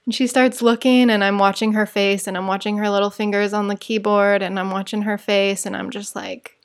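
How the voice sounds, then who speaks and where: A woman's voice: medium pitch, level tone, a little fast. Chatty woman telling a story. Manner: chatty, digressive, acts out quotes. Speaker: vlogger. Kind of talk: casual storytime.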